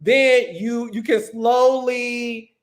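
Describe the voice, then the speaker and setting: A male podcast host in casual chat, playful and laughing often, sometimes dropping into a deeper put-on voice. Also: steady tone, very slow.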